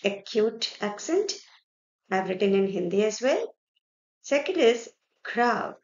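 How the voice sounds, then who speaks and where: A woman's voice: medium pitch, lively intonation, measured pace. Woman, Indian accent, teacher, explanatory, checks in often, echoey room, slightly muffled audio. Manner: explanatory, checks in with "right?" and "okay". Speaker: French teacher. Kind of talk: explaining a French lesson in mixed Hindi and English. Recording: echoey room, dull lo-fi sound.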